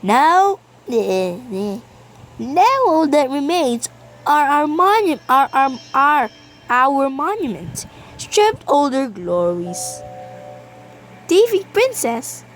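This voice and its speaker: A woman's voice: high voice, big pitch swings, slow pace, slight background noise, voice pushed up, heavily acted. A woman putting on a haughty queenly guardian voice. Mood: mock-solemn. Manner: grand, mock-solemn reading of game text.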